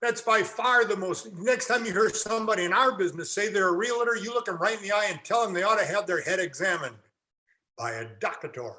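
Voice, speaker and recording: A man's voice: high-pitched, a little fast, pushed and bright. A man lecturing a classroom, quizzing his audience and answering his own questions with folksy jokes. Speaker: real estate instructor.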